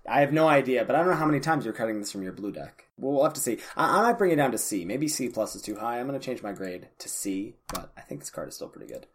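A man's voice: medium pitch, lively intonation, quick pace, hardly any pauses, slightly rough. A man co-hosting a podcast in casual chat, often restarting his sentences and arguing a skeptical point. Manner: hesitant restarts, skeptical and argumentative. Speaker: podcast co-host. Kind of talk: casual chat about card-game strategy.

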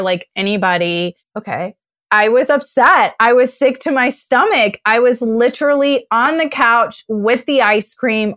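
A young woman recounts her own story in a chatty, emotional way, peppering her talk with "like" and acting out what went through her head. Her voice sits at a middle pitch and sounds close and dry, with no room around it. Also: fairly bright tone, no room sound. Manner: emotional, heavy use of "like", acts out her own past thoughts. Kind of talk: casual podcast storytelling.

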